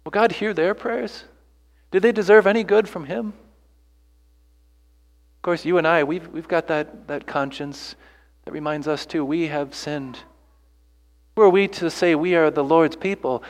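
A man's voice: fairly high pitch, moderate pace, long reverb tail. A man preaching a sermon earnestly, pressing his listeners with rhetorical questions and repeated phrases. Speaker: pastor.

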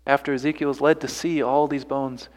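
A man's voice: mid-range voice, little pitch movement, a little fast, big-room sound. A man preaching a sermon earnestly, pressing his listeners with rhetorical questions and repeated phrases. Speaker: pastor.

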